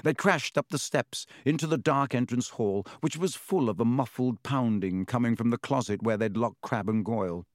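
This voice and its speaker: A man narrates a storybook with a lively, varied reading. His voice sits at a middle pitch. The sound is close and dry, with no room around it. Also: moderate pace, few pauses, no room sound. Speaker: audiobook narrator. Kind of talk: scripted narration.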